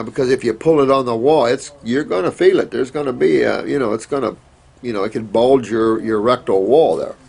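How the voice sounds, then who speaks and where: Gravelly man giving rambling health advice. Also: medium pitch. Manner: folksy, rambling, with many fillers. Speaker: health show host answering questions. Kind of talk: casual advice talk.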